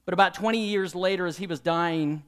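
A man's voice: high-pitched, a little fast, fairly bright tone. A man, a pastor, preaching a sermon and drawing in his congregation with questions and call-and-response.

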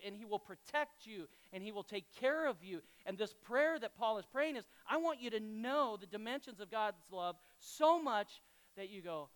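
A man's voice: sits high, a bit bright, clean tone, poor audio. A man preaching a sermon to a congregation, talking in a conversational, storytelling way and asking them questions. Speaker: pastor.

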